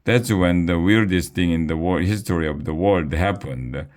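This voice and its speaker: A man reading a children's book aloud with a slow, deliberate delivery. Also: low-pitched, a little mellow. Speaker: reader.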